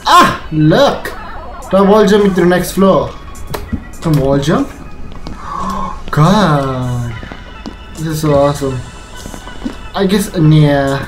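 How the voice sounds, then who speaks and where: Excitable man narrating gameplay. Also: on the high side, faint music behind, low-quality recording. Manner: excitable, rambling, fast bursts. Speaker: gaming YouTuber. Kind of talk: let's play commentary.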